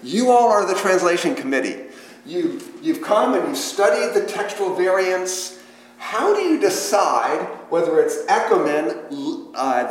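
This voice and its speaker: A man's voice: fairly high pitch, very animated, normal speed, a little hiss or hum. A man leading an interactive Bible study lesson, talking conversationally, quizzing the class with questions and making playful joking asides. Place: church hall. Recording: echoey church hall with long reverb.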